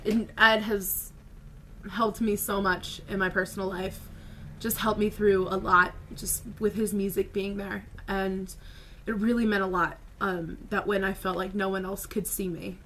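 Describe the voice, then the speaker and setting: A woman vlogger telling a personal story to camera in a casual, animated way, full of "like" and quick asides. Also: medium pitch, a little hiss or hum. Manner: animated, filler-heavy retelling with lots of "like".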